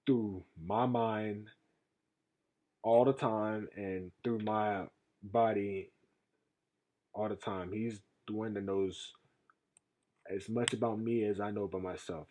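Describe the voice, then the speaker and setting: A man's voice: on the low side, no echo. Emphatic young man reacting on stream. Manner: emphatic, rambling, swings between loud and quiet. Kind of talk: casual reaction commentary.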